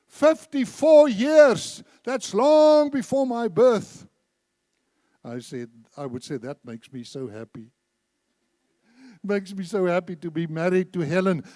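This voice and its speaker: A man in his seventies preaching a sermon in a church, an animated storyteller who acts out the dialogue. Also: sits high, dry recording, studio quality. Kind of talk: sermon with told anecdotes.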